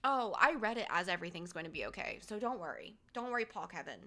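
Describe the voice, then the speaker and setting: A woman's voice: mid-range voice, very animated, quick pace, bright, forceful tone. A young woman streamer chatting casually to her viewers, rambling with lots of fillers and giggles, emotional after finishing a game. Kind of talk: casual live-stream chat.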